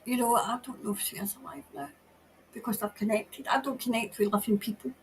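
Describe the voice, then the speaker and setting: High-voiced woman giving an emotional psychic reading. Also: creaky, a little hiss or hum, poor audio. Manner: emotional, halting, drops to whispers. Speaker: tarot reader.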